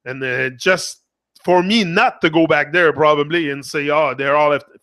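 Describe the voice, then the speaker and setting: A man's voice: a little high, normal speed, bright, forceful tone, dry recording. Rambling man with a Quebec French accent. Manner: rambling, swears freely, talks back to a viewer. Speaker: motivational live streamer. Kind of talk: casual rambling live monologue.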